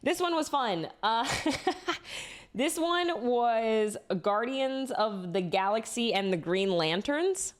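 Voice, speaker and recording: A woman's voice: fairly high pitch, animated, takes it slowly, clean tone. Chatty young woman streamer who swears freely. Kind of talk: casual live-stream chat.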